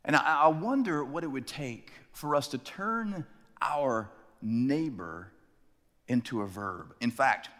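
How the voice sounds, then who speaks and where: A male pastor preaching a sermon in a church sanctuary, telling stories with dramatic slowdowns for emphasis. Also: mid-range voice, expressive, a bit bright, long reverb tail.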